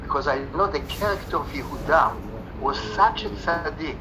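A man's voice: on the high side, normal speed, background noise. A man in a Talmud study group raising an objection to the teacher. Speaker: study participant.

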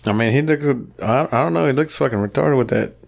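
A man's voice: mid-range voice, a little fast, gravelly. A man in his thirties, co-hosting a podcast, telling crude garage stories in casual chat and acting out the quotes. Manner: profane, rowdy storytelling with acted-out quotes. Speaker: podcast co-host.

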